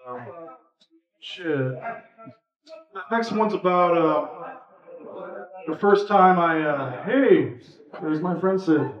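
A man at a live reading, reading a personal story aloud in a relaxed, conversational way. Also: on the high side, extremely slow, pauses often. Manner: relaxed, conversational, a few fillers between parts. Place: indoor reading event. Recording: echoey room, from far off, muffled.

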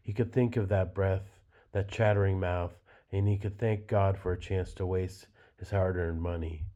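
A man reads literary fiction aloud, measured and unhurried. His voice is low and very dark and mellow. The recording is dull and lo-fi. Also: fairly even intonation. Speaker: reader.

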